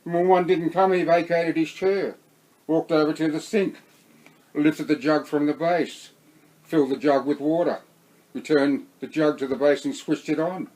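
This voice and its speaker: A man with an Australian accent reading his own novel aloud in a steady storytelling voice. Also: a little high, normal speed, poor audio. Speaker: narrator.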